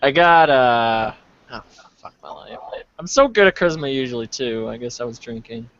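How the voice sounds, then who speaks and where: A man's voice: medium pitch, expressive, a bit bright, dry recording, lo-fi sound. A man playing a tabletop game, talking casually and swearing now and then. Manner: slow, gravelly, swearing casually. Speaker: player.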